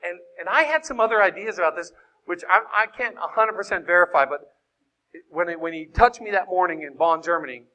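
A man delivers a lively sermon to a congregation, his voice sitting high and sounding bright and forward. He acts out the story as he goes, breaking into shouted voices for the people in it. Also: a little fast, low-quality recording. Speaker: guest preacher. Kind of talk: animated sermon.

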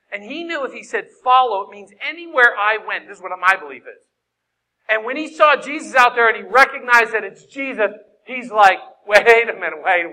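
A man preaching an animated sermon, acting out scenes in shouted voices. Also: high-pitched, poor audio. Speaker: guest preacher.

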